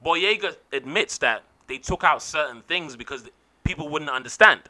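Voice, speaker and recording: An animated man with an English accent, talking in a relaxed, casual chat. His voice is bright and forceful and sits a little high, and he swears freely as he gets going. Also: moderate pace. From England.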